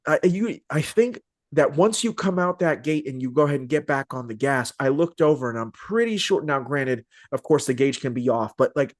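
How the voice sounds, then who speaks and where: A man hosting a podcast interview, telling stories in an animated, joking, slangy way. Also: mid-range voice, no room sound, studio quality. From Arizona. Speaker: podcast host. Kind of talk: casual interview chat.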